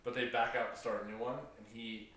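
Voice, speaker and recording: Man, podcast co-host, profane animated storyteller, mid voice, distant from mic, echoey room. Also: mid-range voice, a little fast. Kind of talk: casual chat.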